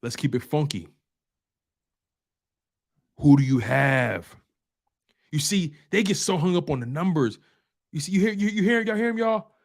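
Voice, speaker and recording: Man, sports stream host, trash talk, emphatic, repetitive, slangy, slightly high voice. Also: expressive, moderate pace, vocal fry, pauses often. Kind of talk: animated live-stream football talk.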